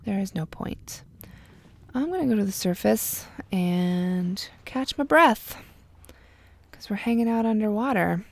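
A young woman casually commenting on her gameplay, chatty and wry, sometimes dropping to a quiet murmur. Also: fairly low pitch, vocal fry. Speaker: gameplay video host. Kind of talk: casual let's-play commentary.

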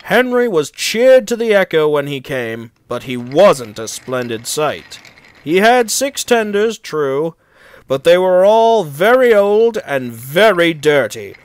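A man reading a children's railway story aloud in an expressive, unhurried way. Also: fairly high pitch, clean tone. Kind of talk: storybook read-aloud narration.

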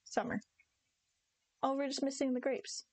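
A woman's voice: high voice, flat delivery, a little slow, a little mellow. A young woman streaming a farming game, chatting casually and giggly with her viewers and her cats. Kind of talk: casual live-stream chat.

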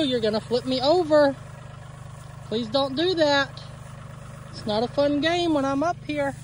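A high-pitched woman talks her way through a farm vlog, chatting warmly to her cows outdoors. Loud tractor engine noise runs under her voice in this outdoor recording. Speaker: homesteader vlogger. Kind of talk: casual farm vlog narration. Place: outdoors on a pasture with cattle.

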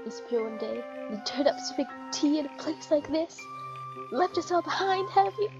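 A woman's voice: on the high side, completely flat delivery, fast talker, creaky. A woman voicing a fierce female bird confronting an old gang leader, with a raised, accusing voice. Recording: muffled with game music behind.

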